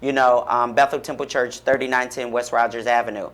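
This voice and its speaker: On a radio talk show in a studio, a male guest, an author and pastor-like speaker, talks fervently and encouragingly about faith and support in a preacherly, inspirational way. His mid-range voice is a bit bright, with little pitch movement, and he speaks a little fast.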